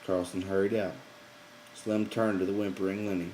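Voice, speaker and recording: A man narrating an audiobook in a low, measured voice. He keeps a steady storytelling pace between characters' lines, with a faint hiss of background noise behind him. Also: poor audio. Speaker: reader.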